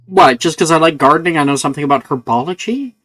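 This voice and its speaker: Flustered, defensive schoolgirl witch, put on by the game master, voiced notably higher than his own register. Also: fast, a bit bright, no room sound, faint music behind.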